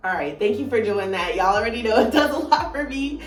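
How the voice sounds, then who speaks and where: A woman in her twenties tells a casual story time vlog in a groggy morning voice, filling her talk with "like" and "you know". She is recorded on a phone set back from her in an echoey room, and soft music plays underneath. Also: fairly high pitch, lively intonation, fairly quick, far from the mic. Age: 20s. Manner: chatty and playful, lots of "like" and "you know". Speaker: vlogger. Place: at home while doing her morning routine. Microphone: phone on a moving gadget.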